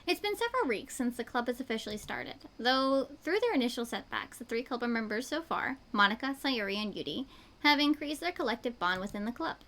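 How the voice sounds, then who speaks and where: A woman streamer reading a fan story aloud, giggly and lively, sometimes tripping over words. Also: a little high, a little fast. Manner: giggly, lively narration with stumbles. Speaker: streamer reading a visual novel.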